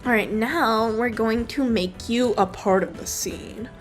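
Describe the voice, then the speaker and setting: A young woman with a slightly high, unhurried voice chats casually about her digital drawing as a streamer, rambling offhandedly and dropping the occasional swear word. Faint music plays in the background.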